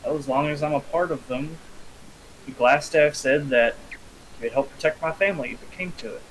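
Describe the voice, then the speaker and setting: A man's voice: fairly high pitch, slight background noise, natural voice, low-quality recording. A man playing a hesitant young ruffian recruit. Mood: uneasy. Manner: hesitant, halting.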